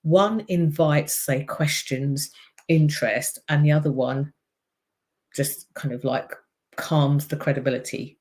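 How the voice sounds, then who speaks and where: A woman with a low, deep voice and a slight frog in her throat, chatting on a live stream as a speaking coach and explaining things step by step. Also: a little mellow. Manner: chatty and explanatory, demonstrates voice tones. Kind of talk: casual live-stream talk to camera.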